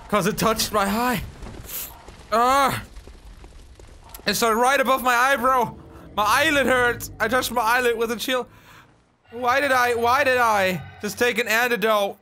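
A man's voice: very high voice, a little slow, pauses often. A young man doing gameplay commentary while eating hot peppers, pained and coughing, swearing and groaning. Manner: swearing, yelling and groaning in pain. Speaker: gaming YouTuber.

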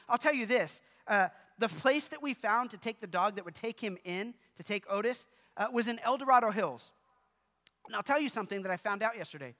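High, bright-voiced male pastor preaching. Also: in a large hall. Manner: conversational preaching with humorous asides. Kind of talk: sermon. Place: church sanctuary.

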